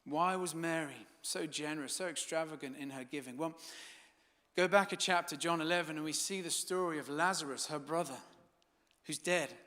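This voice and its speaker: A man's voice: fairly high pitch, normal speed, sharp tone, in a large hall. A man preaching a sermon as pastor, telling stories dramatically and building to fervent peaks. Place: church hall.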